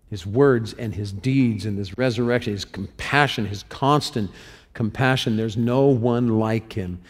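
A man preaching an animated sermon as pastor, asking the congregation questions and repeating himself as he builds his points. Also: medium pitch, normal speed. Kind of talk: interactive sermon. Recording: long hall reverb.

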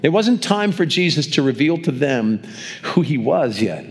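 A man's voice: fairly high pitch, big pitch swings, moderate pace, a little mellow. An older man giving a sermon as a pastor, telling stories in a conversational way and often restarting and repeating words. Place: church, speaking to a congregation.

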